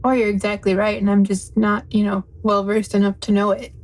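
A woman's voice: mid-range voice, level tone, brisk. A woman playing a tabletop game, chatty and joking as she thinks aloud. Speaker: player. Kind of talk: casual tabletop game chat.

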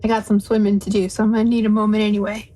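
A woman's voice: medium pitch, flat delivery, very fast, mellow. A woman playing a tabletop game, chatty and joking as she thinks aloud. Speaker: player. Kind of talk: casual tabletop game chat.

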